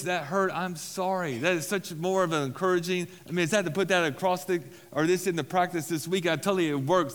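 A man's voice: fairly high pitch, a bit bright, big-room sound. A man preaching as a pastor at a recovery-group meeting, talking casually, repeating key phrases and making self-deprecating asides. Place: church hall.

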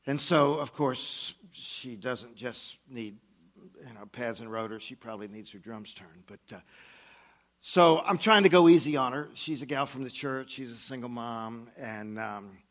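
A middle-aged man telling a first-person story as a mechanic and church elder, halting and hesitant with many pauses. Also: mid-range voice. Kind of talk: first-person dramatic monologue.

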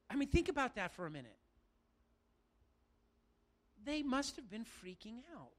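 A man preaching a sermon to his church, animated and talking straight to the congregation. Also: extremely high pitch, normal speed, long pauses. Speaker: pastor.

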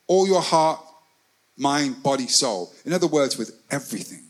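A man preaching with a high, ringing voice that climbs for emphasis and drops to a near whisper for quiet asides. He repeats key phrases and calls on the congregation to answer back. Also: moderate pace, rough recording. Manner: animated preaching, swinging between loud calls and hushed asides; repeats phrases and leads call-and-response with the congregation. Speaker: pastor. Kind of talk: sermon.

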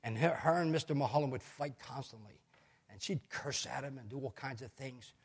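Husky older preacher in an echoing hall. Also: male voice, mid-range voice, a little fast. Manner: anecdotal storytelling preacher, animated asides. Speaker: pastor. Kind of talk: sermon.

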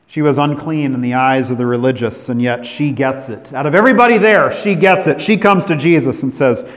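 A male pastor delivers a sermon in an even, mid-range voice, swinging between emphatic declarations and near-whispered, drawn-out lines. His words ring out with a long reverb, as if filling a large church sanctuary. He grew up in California. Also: medium pitch. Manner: dramatic preaching, swinging from emphatic to hushed.

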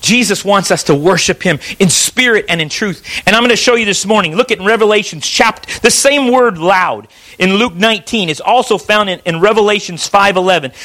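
Guy preaching a sunday sermon, high bright voice, keeps restarting and pushing his point. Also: low-quality recording. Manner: emphatic preaching, reads scripture aloud, frequent restarts. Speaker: pastor.

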